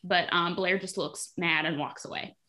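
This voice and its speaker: A woman's voice: fairly low pitch, steady tone, normal speed, bright, forceful tone. A woman hosting a casual podcast, recapping an episode in a chatty way with lots of fillers. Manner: chatty, frequent fillers, acts out quotes. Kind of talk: casual chat.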